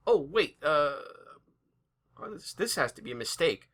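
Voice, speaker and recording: Commentary host, bright and animated, sarcastic mock outrage. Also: mid-range voice, unhurried, pauses often, slightly rough. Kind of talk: satirical commentary.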